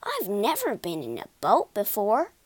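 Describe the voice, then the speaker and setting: A woman's voice: mid-range voice, wildly swooping pitch, measured pace, breathy edge, full character voice. A woman reading aloud, voicing a shy, curious young male mole in a storybook with an eager, wide-eyed manner.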